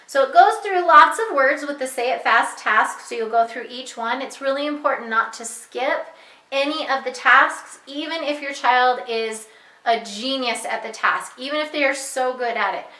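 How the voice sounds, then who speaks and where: Bright-voiced woman teacher, echoey room. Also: high-pitched. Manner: clear, patient, slows to model sounds. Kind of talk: instructional walkthrough for parents.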